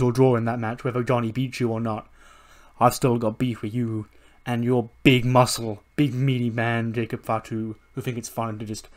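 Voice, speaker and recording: A man's voice: medium pitch, darkish tone, close to an everyday voice. A fired-up male wrestler, as a man narrating a game puts him on, throwing out rowdy trash talk at a rival. He is ready for a fight.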